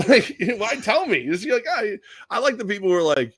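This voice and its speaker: A man's voice: sits high, very animated, moderate pace, fairly bright tone, husky, no room sound, clean studio sound. A man co-hosting a radio sports talk show, chatting casually and acting out the voices of people he quotes, swearing now and then.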